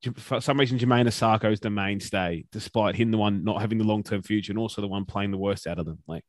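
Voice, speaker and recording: A man's voice: lowish voice, steady tone, quick pace, no room sound, clean studio sound. Opinionated Australian man ranting. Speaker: podcast co-host. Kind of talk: casual sports chat.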